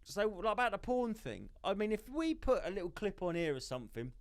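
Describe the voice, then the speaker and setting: A man on a comedy podcast, his voice pitched a little high and swinging widely as he rants. He swears freely and spins conspiracy theories in loose, casual chat from a podcast studio. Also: wildly swooping pitch, fairly quick. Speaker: podcast co-host.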